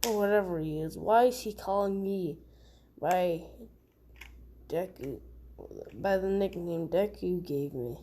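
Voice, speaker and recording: Woman storyteller, casual fan-fiction telling; slow, rambling, self-correcting. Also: fairly low pitch, mellow, a little hiss or hum.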